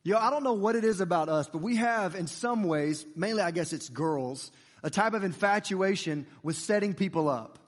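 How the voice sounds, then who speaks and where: High-voiced preacher in a reverberant hall. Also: male voice, normal speed. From United States. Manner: conversational and lively, with playful asides to the congregation. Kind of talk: sermon.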